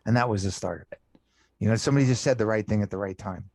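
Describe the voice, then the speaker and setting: A middle-aged man, a podcast guest, candidly recounting his life with many halting restarts and repeated words. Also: fairly low pitch, a little mellow, no echo. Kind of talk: candid personal storytelling.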